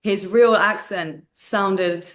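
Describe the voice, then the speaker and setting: A young woman, an actress and martial artist, chatting in an interview, animated with many fillers and restarts. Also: mid-range voice, very slow. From United Kingdom. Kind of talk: casual interview chat.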